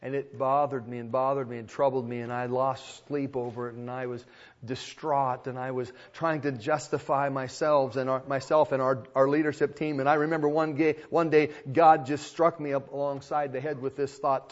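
A man's voice: mid-range voice, level tone, normal speed. Emphatic preaching man, lo-fi. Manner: emphatic preaching with repeated phrases. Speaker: pastor. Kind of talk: sermon.

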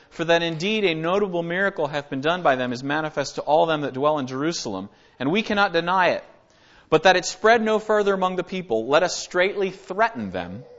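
Guy preaching through a bible passage, kinda high voice, earnest and chatty, muffled lo-fi sound. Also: fairly bright tone. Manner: earnest, conversational, reads scripture aloud and explains it. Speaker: Bible teacher. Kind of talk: Bible study sermon.

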